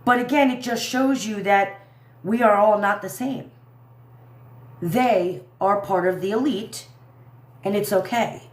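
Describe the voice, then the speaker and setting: A woman's voice: mid-range voice, a little slow, pauses often, reverberant. A woman hosting a livestream who rants angrily with heavy swearing and keeps trailing off and restarting. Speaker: livestream host. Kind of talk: angry live commentary.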